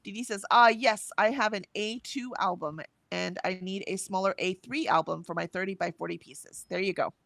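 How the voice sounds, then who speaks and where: A woman co-hosts a casual livestream, reading viewers' messages aloud and chatting between them. Her voice sits at an ordinary middle pitch and lifts brightly on cheers. The sound is dry and close, with little room around it. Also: moderate pace, gravelly, hardly any pauses, dry recording. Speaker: livestream co-host reading chat.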